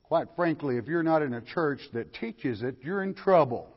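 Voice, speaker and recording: Older man, pastor, folksy Bible lecture, husky, long hall reverb. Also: a little high, lively intonation, normal speed. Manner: folksy, questioning the listeners and reading scripture aloud. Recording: lo-fi recording in a hall.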